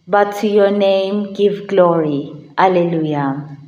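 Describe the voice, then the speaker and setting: A woman reading scripture as lector at a Mass in a chapel, in a measured way with small slips. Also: fairly low pitch, dark tone, lo-fi sound.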